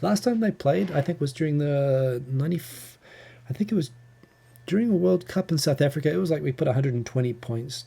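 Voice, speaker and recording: Reading viewer questions aloud during a relaxed live Q&A, this New Zealand-accented host rambles along with plenty of ums and false starts. His voice is fairly high, dark and creaky with a breathy edge, and he talks a little fast.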